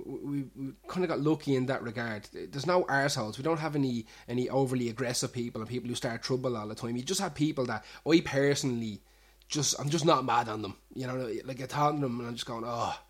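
Husky man rambling casually. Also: mid-range voice. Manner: chatty, frequent restarts and swearing. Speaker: show host.

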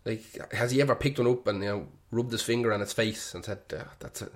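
An Irish man in his young adult years hosts a radio show with a slightly low voice. He rambles casually between songs, swearing freely and joking with an irreverent edge. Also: steady tone, fast talker.

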